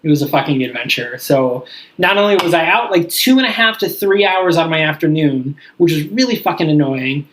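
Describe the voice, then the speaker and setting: Young man, podcast host, higher-pitched voice, casual rambling storytelling, swears a lot. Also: expressive, brisk, a bit bright, slight background noise, low-quality recording. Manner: profane, rambling, heavy use of "like".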